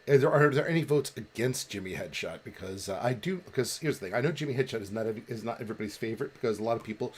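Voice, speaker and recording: A man co-hosting a charity podcast livestream in casual chat, rambling and halting with many restarts and easy laughs. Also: medium pitch, expressive, a little hiss or hum. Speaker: podcast co-host running a charity stream.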